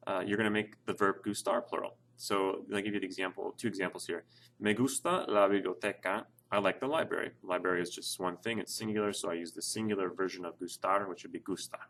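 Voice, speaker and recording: Guy teaching spanish over a screen doc, deep voice, laid-back and chatty, lots of uhs. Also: fairly bright tone. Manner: casual, explanatory, with frequent fillers. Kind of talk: screen-share lesson narration.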